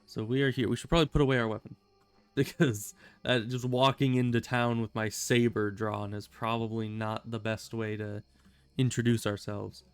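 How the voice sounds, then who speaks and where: Casual male game streamer, smooth clear voice, faint music underneath. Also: medium pitch, steady tone, moderate pace, no echo. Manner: chatty, rambling, self-amused. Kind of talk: casual gameplay commentary.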